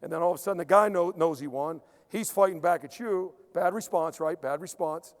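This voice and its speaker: Man, strength coach, lecture, emphatic, repeats himself, high pitch. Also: a little fast. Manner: emphatic, repetitive, drops into quiet acted asides. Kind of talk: conference lecture. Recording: long hall reverb.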